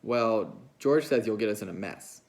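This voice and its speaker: A man doing a slow, childlike giant of a farmhand, gravelly and plaintive. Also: fairly low pitch, close to an everyday voice. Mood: sullen. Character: big slow-witted childlike ranch hand, gentle and fretful. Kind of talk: novel read aloud.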